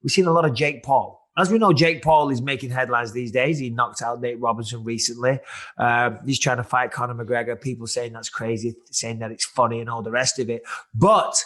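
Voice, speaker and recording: A man's voice: medium pitch, steady tone, fairly quick, fairly bright tone. A man in his forties hosting a podcast, talking in a blunt, profane, challenging way. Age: 40s. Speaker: podcast host. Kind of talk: casual podcast chat.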